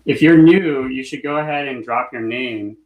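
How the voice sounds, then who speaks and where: A man teaching an online hand drumming workshop, relaxed and encouraging, and chanting phrases in rhythm. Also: mid-range voice, moderate pace, phone-quality sound. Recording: echoey room with drumming.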